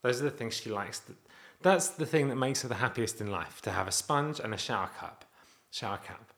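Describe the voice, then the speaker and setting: A man's voice: medium pitch, lively intonation, fairly quick, creaky, fairly bright tone. A man talking candidly to camera in a personal vlog about being a dad, earnest and rambling, often restarting his sentences. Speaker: vlogger and father.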